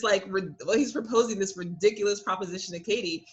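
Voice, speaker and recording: A woman co-hosting a casual podcast, talking animatedly and acting out people's lines with big pitch jumps. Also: quick pace, highs cut off. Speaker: podcast co-host. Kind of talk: casual recap chat.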